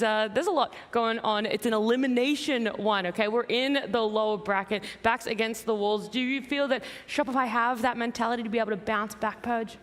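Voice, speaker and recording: Bubbly Australian woman, esports desk host, slightly high, big hall echo. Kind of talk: live esports broadcast commentary. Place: convention center stage.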